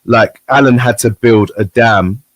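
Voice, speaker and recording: A male chat show guest tells a story animatedly in a mid-range voice at a measured pace, acting out the voices of the people involved. It's casual conversation, recorded with no echo.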